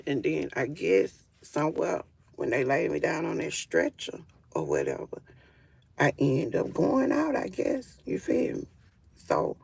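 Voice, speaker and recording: A woman's voice: extremely low pitch, gravelly, husky. A woman telling her own story in a casual live stream on her phone, emphatic, with frequent fillers. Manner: emphatic, with frequent fillers like "or whatever" and "you feel me".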